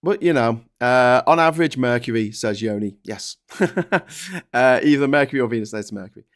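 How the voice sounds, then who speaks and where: A man's voice: medium pitch, normal speed. A man hosting a casual live-stream chat, joking and reading out viewer comments. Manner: jokey, reads viewer comments aloud. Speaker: host.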